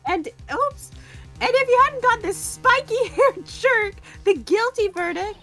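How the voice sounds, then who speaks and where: A woman voicing a spiteful young female villain spirit, taunting in a venomous, drawn-out way while reading game dialogue aloud. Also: very high-pitched, animated, fairly bright tone, faint music behind, full character voice.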